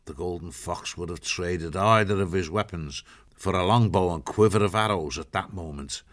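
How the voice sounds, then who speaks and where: A man reading an audiobook in steady, measured scripted narration. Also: deep voice.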